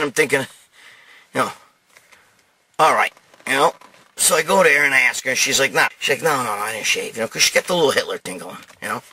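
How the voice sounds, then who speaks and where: A middle-aged man hosts a show, ranting and spinning stories in a brash, blunt, profane monologue. His voice is medium in pitch and bright, with a forceful, slightly rough edge.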